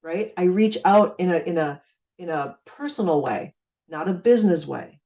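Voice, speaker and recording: A woman's voice: fairly low pitch, lively intonation, moderate pace, warm tone, muffled recording. A middle-aged woman from Minnesota giving a casual training talk on network marketing, chatty and acting out conversations. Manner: chatty, acts out conversations with friendly repeated phrases. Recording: speaking far from the mic.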